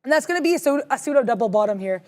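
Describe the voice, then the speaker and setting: A bubbly woman rattles off live market commentary at a quick clip, her voice pitched high. She co-hosts a trading stream from the studio, joking with chat and hunting for puns. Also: animated, darkish tone. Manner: bubbly, talks fast, loves puns. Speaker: co-host of a live trading show. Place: studio with green screen.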